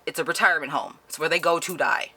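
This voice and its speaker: A woman quoting a gruff, dismissive male police chief in short, blunt sentences, close to her own voice. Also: sits low, fast, sharp tone, exaggerated voice. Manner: blunt and curt.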